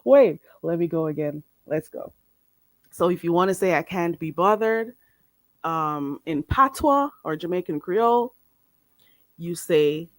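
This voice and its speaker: Woman, live-stream host, playful and teasing, slow deliberate pace, very lively pitch. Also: no room sound, studio quality. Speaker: livestream host teaching phrases. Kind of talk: casual live-stream chat with viewers.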